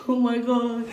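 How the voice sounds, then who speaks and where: A woman's voice: medium pitch, distant mic, background noise. Blunt young woman in an echoey room. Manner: candid and blunt, heavy use of "like" and swearing. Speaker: vlogger. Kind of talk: casual storytelling.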